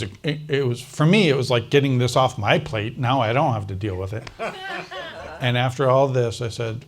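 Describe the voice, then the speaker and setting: A man guest in an interview, telling a long personal story with lively quoted dialogue and frequent laughter. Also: mid-range voice. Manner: animated anecdotal storyteller, mimics other speakers, laughs often. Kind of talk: storytelling in a recorded conversation.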